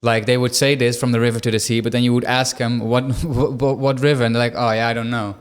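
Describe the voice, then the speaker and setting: Young aussie guy hosting a podcast, smooth clear voice, casual and curious, lots of ums. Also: medium pitch, little pitch movement, very fast. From Australia. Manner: casual, questioning, with fillers. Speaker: podcast host. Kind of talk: interview.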